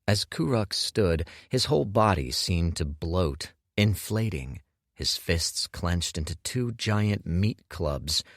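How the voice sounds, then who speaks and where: A man reading an audiobook in measured scripted narration. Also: sits low, lively intonation, no room sound, clean studio sound.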